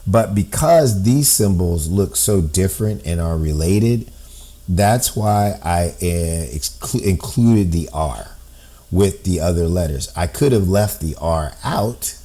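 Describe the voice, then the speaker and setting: A man's voice: low voice, expressive, slow pace, dark tone. A man explaining a code on screen step by step, thinking aloud and often checking in with "right?". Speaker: amateur code-breaker.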